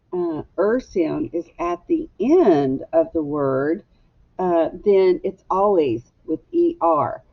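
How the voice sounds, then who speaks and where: Woman teacher for a kids' phonics lesson, lowish gravelly voice, slow and patient, slightly dull recording. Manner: slow, patient, asks children to echo her words. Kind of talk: phonics lesson for young children.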